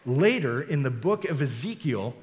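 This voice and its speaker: A male pastor delivering a sermon, his voice sitting at an ordinary middle pitch. He rises into a fervent, repetitive preaching cadence. The sound rings with the long reverb of a church sanctuary. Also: sing-song, normal speed.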